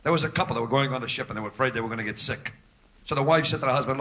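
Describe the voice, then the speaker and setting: A man's voice: mid-range voice, sharp tone. A man doing a stand-up comedy set on a club stage, rattling off jokes and acting out the voices in his stories. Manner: brisk joke-telling, acts out voices in stories.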